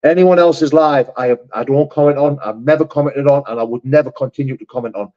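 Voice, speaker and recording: Hosting a casual live chat, a fast-talking man reads out viewer messages and replies in a blunt, matter-of-fact way, swearing a lot and addressing people as "mate" and "brother". His mid-range voice holds a steady tone, though the recording is muffled.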